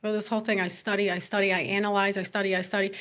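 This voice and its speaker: This guest entrepreneur is a young Scottish-born woman whose accent has drifted mostly American. Speaking at a racing pace in a mid-range voice, she spins lively anecdotes through a casual interview, sprinkling in frequent "like"s.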